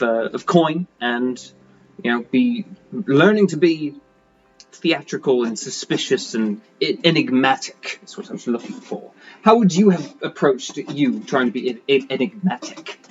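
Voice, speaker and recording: A man's voice: mid-range voice, measured pace, lo-fi sound, soft background music, natural voice. A man playing a touchy, theatrical male pirate leader who rambles defensively.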